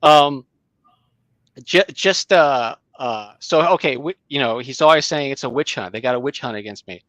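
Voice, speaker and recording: A middle-aged man, a writing teacher, telling a story in casual conversation, halting with many fillers and restarts. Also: mid-range voice, a bit bright, no echo, rough recording. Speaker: guest, creative writing teacher.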